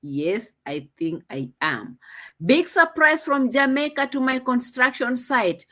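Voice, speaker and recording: A woman's voice: high-pitched, expressive, takes it slowly, bright, forceful tone. Chatty woman with a Swahili accent. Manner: chatty, teasing, repeats phrases, laughs often. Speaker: reaction commentator. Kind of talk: casual reaction chat.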